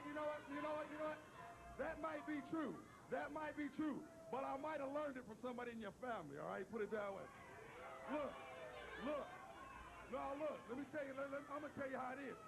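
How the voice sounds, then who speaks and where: A man's voice: extremely high pitch, fast, gravelly, over loud music. A man cutting a brash wrestling promo in a TV studio, repeating himself and taunting the crowd. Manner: brash, repetitive trash talk.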